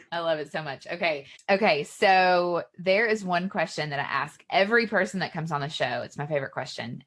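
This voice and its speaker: A woman's voice: sits low, a bit bright. A woman hosting a podcast, chatting casually and affirming her guest often. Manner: effusive, affirming. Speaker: podcast host. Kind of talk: casual interview chat.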